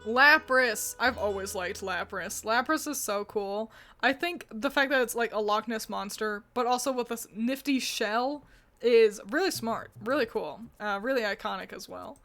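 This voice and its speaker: A woman with a somewhat high voice talks through her picks in a relaxed, opinionated way. She is chatty and animated, and leans on filler words as she thinks aloud. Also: moderate pace, soft background music. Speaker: video host ranking designs. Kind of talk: casual opinionated commentary.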